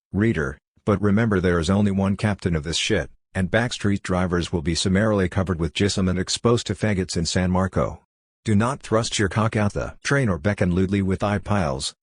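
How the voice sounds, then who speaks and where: A man with a very low, deep voice reads prose aloud in an even, unhurried way. The sound is dry and close, with no room echo at all. He keeps a steady literary reading pace throughout. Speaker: reader.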